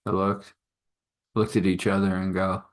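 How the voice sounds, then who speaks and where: Man, low voice, casual improvised storyteller, rambling. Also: level tone, a little slow. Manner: rambling, loose and conversational with fillers.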